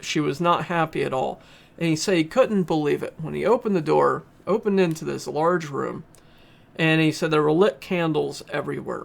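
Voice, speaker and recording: A man's voice: a little high, vocal fry, fairly bright tone. A man reviewing a podcast, earnestly retelling a story in a casual way with frequent filler sounds. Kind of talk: casual spoken retelling and commentary.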